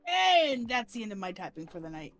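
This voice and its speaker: A woman streaming a block-building game in casual chat, giggly and excitable, with squeals when she is delighted. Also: a little high, a little fast, faint music behind.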